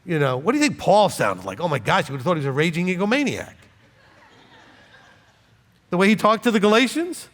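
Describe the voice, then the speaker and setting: Blunt, lively-pitched man teaching scripture. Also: fast talker, in a large hall. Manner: blunt, conversational, jokes and asks "okay?" often. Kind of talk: informal sermon teaching.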